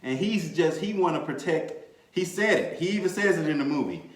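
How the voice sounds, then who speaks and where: Animated slangy man in an echoey room. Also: a little high, fairly quick. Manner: animated, laughing, swears freely, slangy. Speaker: podcast host. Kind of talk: casual movie review chat. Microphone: desk mic, bumped at times.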